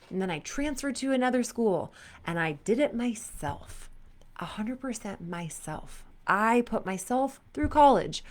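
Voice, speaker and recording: A woman in her thirties, a performance coach talking candidly to sport parents and telling personal stories with lively quoted asides. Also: mid-range voice.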